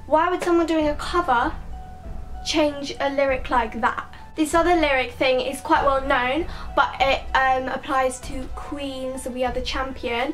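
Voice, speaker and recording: A woman's voice: sits high, unhurried, fairly bright tone, soft background music. A young woman chatting casually to camera as a vlogger, emphatic and full of "like". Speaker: YouTuber. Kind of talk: casual vlog chat.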